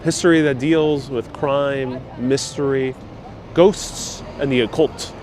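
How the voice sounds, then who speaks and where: A man's voice: medium pitch, steady tone, slow, darkish tone. A man guiding a live-streamed city bus tour, chatting casually and reading out viewer comments. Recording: faint street and traffic noise.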